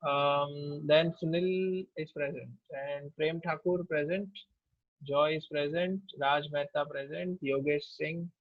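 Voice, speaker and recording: Indian male instructor, slightly raised pitch, dry and lo-fi sound, runs an online class roll call. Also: fairly even intonation, takes it slowly, no echo. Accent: Indian English. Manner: takes attendance name by name, with fillers. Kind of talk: online class, mixing Hindi and English.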